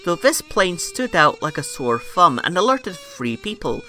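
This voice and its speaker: Woman snarkily narrating history for laughs, bright voice, faint music behind. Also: lowish voice, big pitch swings, measured pace. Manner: sarcastic, irreverent, swears casually.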